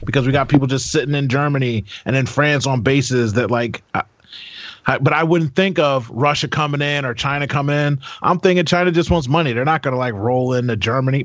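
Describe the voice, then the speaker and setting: An American man co-hosting a podcast over a remote link, animated and rambling, often repeating himself. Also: medium pitch, no room sound. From United States. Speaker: podcast co-host. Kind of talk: casual panel chat. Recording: dull, dry remote audio.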